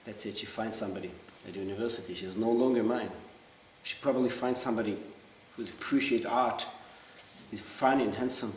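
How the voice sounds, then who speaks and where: A man performing a theatrical monologue in an intense, halting, confessional way. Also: fairly low pitch, steady tone. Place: theater stage. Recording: roomy stage sound from far off, faint hiss.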